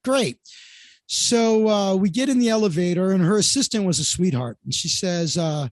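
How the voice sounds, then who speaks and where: High-voiced man telling a rambling story. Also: lively intonation, normal speed, dry recording. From Florida. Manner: rambling, full of fillers and restarts. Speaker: guest comedian. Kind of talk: casual anecdote telling.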